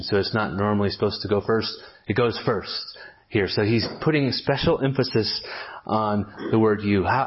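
A man preaching an expository sermon at a measured pace, often restarting with fillers as he explains a passage. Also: on the low side, muffled recording. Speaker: pastor.

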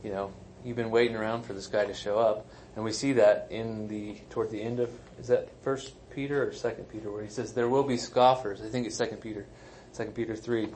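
A man's voice: on the low side, steady tone, fairly quick, few pauses, a little mellow, a little hiss or hum, rough recording. Conversational man preaching a sermon. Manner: conversational, emphatic, self-deprecating asides. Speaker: pastor. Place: church sanctuary.

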